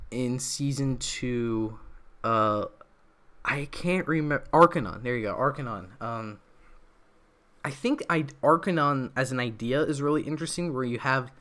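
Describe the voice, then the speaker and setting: A young man chats loosely on a solo livestream, circling back on himself with plenty of ums and restarts. His voice sits at an ordinary middle pitch, and a slightly off throat creeps in now and then. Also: fairly bright tone. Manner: rambling, many fillers and restarts. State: throat feels off. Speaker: livestream host. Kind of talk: casual livestream commentary.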